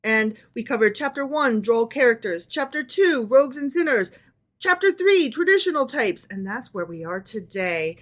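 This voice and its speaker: A woman with a fairly high voice reads folk stories aloud to her co-host. She is animated during the reading and drops into casual, joking asides between passages. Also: moderate pace. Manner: animated reader, chatty asides, casual swearing.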